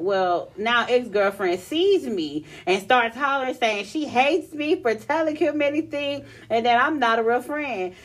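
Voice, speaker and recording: A young woman co-hosting a casual podcast, reading a listener's long story aloud with animated delivery and frequent laughter. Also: a little high.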